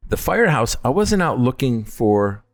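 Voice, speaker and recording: A man's voice: normal speed, faint music behind. A middle-aged man from upstate New York, telling stories as a distillery founder in a casual interview, acting out the voices of the people in them. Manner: animated storyteller, acts out quoted voices with big pitch jumps. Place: at his distillery.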